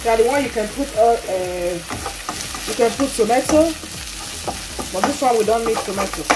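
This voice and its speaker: A woman's voice: fairly high pitch, normal speed, heavy background noise. A woman casually talking through her cooking in a home kitchen, exclaiming over the food. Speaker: cooking vlogger. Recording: loud frying sizzle behind. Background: frying and sizzling food.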